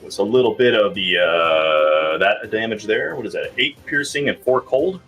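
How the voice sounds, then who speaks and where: Man, low voice, tabletop player, relaxed, thinking aloud, faint music. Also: normal speed. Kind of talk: casual tabletop game play.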